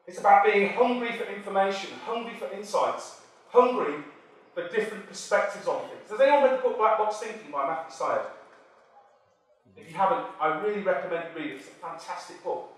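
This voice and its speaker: Lively British man in an echoey hall. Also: high-pitched, brisk, far from the mic. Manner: animated, jokey, chatty with the audience. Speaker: conference keynote speaker. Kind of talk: energetic keynote talk. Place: large conference hall. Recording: echoey hall, speaker off-mic.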